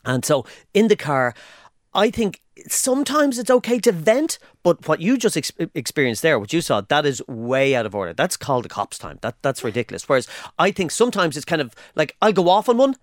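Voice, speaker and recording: A man's voice: on the high side, fairly quick, no room sound, clean studio sound. An Irish man co-hosting a podcast in casual chat, stumbling over restarts as he thinks aloud. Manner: animated, stop-start with many restarts. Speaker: podcast co-host.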